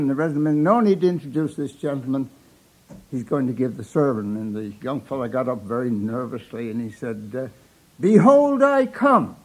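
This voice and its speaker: A man's voice: mid-range voice, a little mellow, poor audio. An older man with a Newfoundland accent telling folksy humorous stories, chuckling at his own punchlines. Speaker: storyteller. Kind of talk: live humorous storytelling.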